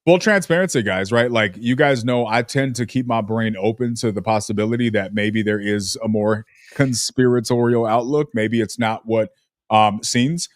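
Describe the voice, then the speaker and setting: A man's voice: medium pitch, moderate pace, no echo. Male podcast host, casual rambling chat, dry close mic. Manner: rambling, self-aware, hedging.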